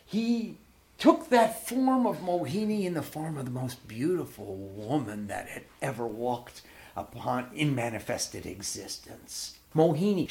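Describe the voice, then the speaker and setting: A man giving a devotional discourse as a spiritual teacher, retelling a sacred story in an expressive storytelling manner. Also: on the high side.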